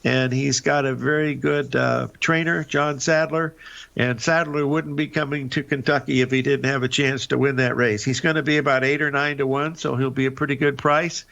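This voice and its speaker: A man's voice: medium pitch, level tone, normal speed, creaky, a bit bright. An older man hosting a live market show, telling stories in a folksy, rambling way and repeating his words. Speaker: show host. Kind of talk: casual live market talk and storytelling. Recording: dull lo-fi broadcast audio.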